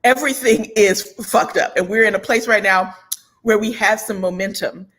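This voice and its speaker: A woman co-hosting a casual chat show, animated and quick to laugh, agreeing often. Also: medium pitch. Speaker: podcast co-host.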